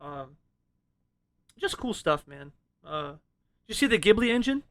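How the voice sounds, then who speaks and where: Bright-voiced laid-back podcast guy. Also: sits high, big pitch swings, a little slow. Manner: laid-back, profane, laughs often. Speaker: podcast co-host. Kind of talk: casual film discussion.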